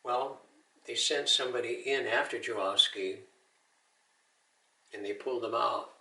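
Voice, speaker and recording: A man's voice: mid-range voice, measured pace, pushed and bright, roomy sound, far from the mic, low-quality recording. An older man, an Army veteran, giving an earnest personal testimony with Christian encouragement. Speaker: Army veteran telling his story.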